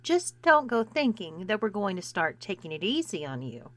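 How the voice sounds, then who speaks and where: A woman's voice: mid-range voice, big pitch swings, moderate pace, dry recording, natural voice. A woman voicing a confident, protective teenage girlfriend in a storybook reading, firm and insistent.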